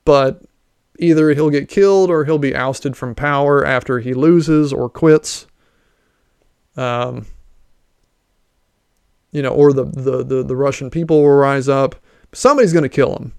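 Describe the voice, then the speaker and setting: A man talks through his thoughts alone on a show, rambling and restarting as he goes. His voice is smooth and resonant at an ordinary pitch. It is recorded close and dry, with no room sound. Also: a little slow, pauses often, darkish tone, no echo. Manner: rambling, with many fillers and restarts. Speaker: podcast host. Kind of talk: casual solo commentary.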